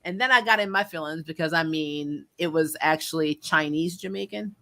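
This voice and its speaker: Woman, bright voice, chatty stream host, laughs often, rambling. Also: deep voice, moderate pace. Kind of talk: casual livestream chat.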